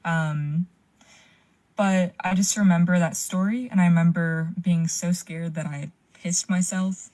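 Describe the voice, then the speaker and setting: A woman's voice: fairly low pitch, steady tone, a little slow, warm tone. A young woman telling a frightening personal story in a casual way, with lots of "like" and swearing. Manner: frequent "like" fillers, swearing. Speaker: caller sharing a story.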